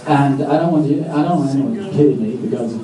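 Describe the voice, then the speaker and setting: A man doing a live stand-up set on a comedy club stage, rambling with self-mocking, deadpan asides. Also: mid-range voice, quick pace, crowd noise. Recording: echoey club, distant mic, audience.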